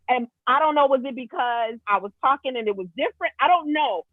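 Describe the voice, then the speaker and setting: A woman telling a story in a casual chat, animated and lively, heard on a video call. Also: fairly high pitch, quick pace, hardly any pauses, no echo. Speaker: co-host. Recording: tinny phone-like video call line.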